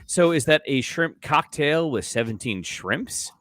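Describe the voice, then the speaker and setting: A man's voice: fairly high pitch, animated, measured pace, fairly bright tone. A young man co-hosting a casual beer podcast, rambling through crude jokes and stories. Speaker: podcast co-host.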